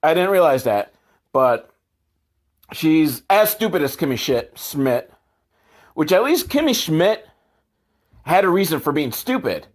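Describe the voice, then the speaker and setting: A man's voice: on the high side, big pitch swings, unhurried, long pauses. A man host sarcastically recapping a movie, swearing a lot and mocking the characters in put-on voices. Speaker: comedy podcast host.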